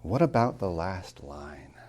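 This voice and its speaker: A man lecturing on poetry as a college tutor. He slows down to stress key words, swings from loud to near-whispered, and drops wry asides to his students. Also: sits low, big pitch swings. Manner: dramatic swings in loudness, drops to near whispers when savoring lines; slow, deliberate emphasis on key words.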